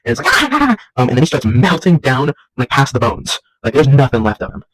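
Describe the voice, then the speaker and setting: A man's voice: mid-range voice, quick pace, no room sound, low-quality recording. Young male vlog host, home setting, loose and rambling, comedic. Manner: goofy, rambling, jumps into silly voices. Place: at home while folding laundry.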